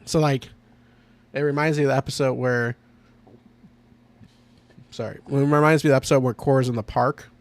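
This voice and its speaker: A man's voice: mid-range voice, fairly even intonation, fairly quick, long pauses. A man hosting a casual podcast, talking with enthusiasm, rambling and laughing often. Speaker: podcast host. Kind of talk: casual chat.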